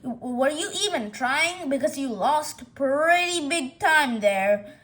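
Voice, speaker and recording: A woman's voice: high-pitched, animated, takes it slowly, a bit bright, full character voice. A woman voicing a chatty cat sports announcer who rambles and pushes with questions. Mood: pushy. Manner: rambling, pushy interviewer.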